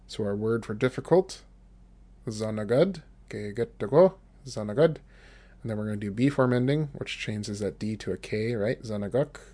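A man teaching a language lesson on his podcast, patiently repeating each phrase slowly so listeners can follow along, recorded close on a desk microphone. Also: on the low side, warm tone.

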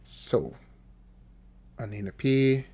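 A man teaching a language lesson on his podcast, patiently repeating each phrase slowly so listeners can follow along, recorded close on a desk microphone. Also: medium pitch, warm tone, slightly rough.

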